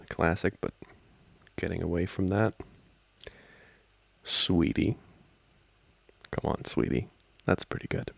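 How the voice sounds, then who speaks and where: A young man speaks in a whispered role-play as a gentle boyfriend, his low voice slow and textured with fry. He sounds playful and soft, chuckling between thoughts and letting his pitch roam widely. The recording is dry and close to the mic. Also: no room sound. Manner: soft-spoken, playful, laughs often.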